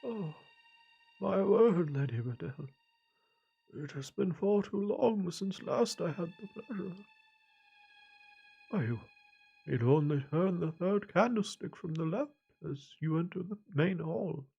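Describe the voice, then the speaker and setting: A man voicing a senile, guilt-ridden old knight in a dramatic reading of a text game, with a faint, slow, wavering voice. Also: high-pitched, animated, gravelly, breathy edge, highs cut off, soft background music, pitched above the performer's own voice, heavily acted. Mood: wistful.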